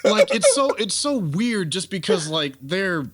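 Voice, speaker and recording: Podcast co-host, male, animated and rambling, slightly high voice. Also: unhurried. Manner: animated, rambling with many restarts and fillers. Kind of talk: casual review chat.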